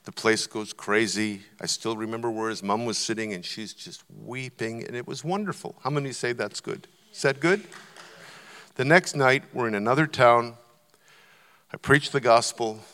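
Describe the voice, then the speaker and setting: A man preaching a sermon, telling stories and building to loud, emphatic points. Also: medium pitch, normal speed. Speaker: visiting preacher. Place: church auditorium. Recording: long church hall reverb.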